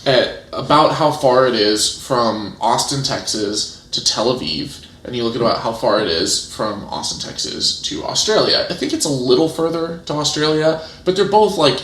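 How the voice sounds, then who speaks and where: A man talks as an interview guest, spinning animated stories full of fillers and false starts. His voice sits at an ordinary middle pitch. The recording has a roomy echo. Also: moderate pace, hardly any pauses. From United States. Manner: animated storytelling, many restarts and fillers. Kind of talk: casual interview chat.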